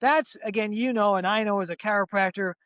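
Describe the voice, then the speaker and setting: A man in his sixties, a chiropractor guest, telling a patient story in lively conversational style. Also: high-pitched, fairly quick, clear, resonant tone, no room sound, dull audio. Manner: animated storyteller, acts out quoted voices, frequent restarts.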